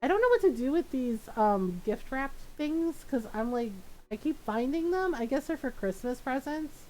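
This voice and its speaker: A woman streamer chatting casually while she plays a game, excitable and rambling, laughing often. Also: high-pitched, moderate pace, low-quality recording.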